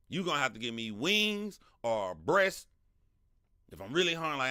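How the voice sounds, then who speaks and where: A man's voice: medium pitch, animated, fairly quick, bright, forceful tone, smooth, dry recording, clean studio sound. A man hosting a casual livestream and commenting animatedly, talking back to his chat and laughing often. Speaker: livestream host.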